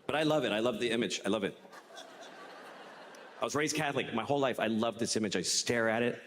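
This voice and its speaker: A man's voice: medium pitch, quick pace, fairly bright tone, slight background noise. A man doing a stand-up set on stage, talking conversationally and profanely, building to incredulous rants. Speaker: stand-up comedian. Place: comedy stage before audience. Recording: live stand-up in reverberant hall.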